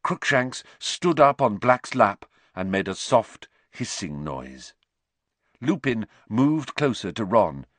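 A man narrating an audiobook in an expressive, measured way. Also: fairly low pitch, dry recording.

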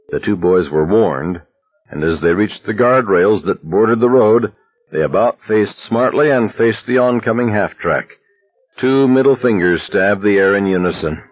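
A man narrating an audiobook in an expressive, dramatic reading style, in a slightly muffled recording. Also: deep voice, no room sound. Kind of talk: scripted narration.

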